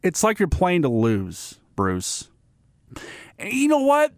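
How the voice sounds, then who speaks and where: A man's voice: sits high, huge pitch swings, moderate pace, no room sound, clean studio sound. A man hosting a sports radio segment, giving blunt, ranting opinions and often restarting and repeating himself.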